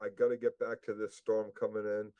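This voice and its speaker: A man's voice: on the low side, monotone, a little fast, no room sound, lo-fi sound. A man co-hosting a casual recap chat, rambling and blunt, with heavy swearing. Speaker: podcast co-host.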